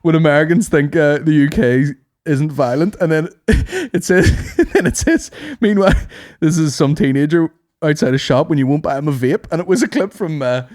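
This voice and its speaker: A man's voice: fairly high pitch, animated, normal speed, few pauses, darkish tone. A man hosting a podcast, telling stories in casual, sweary banter and laughing often. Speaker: podcast host. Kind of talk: casual banter, comic storytelling.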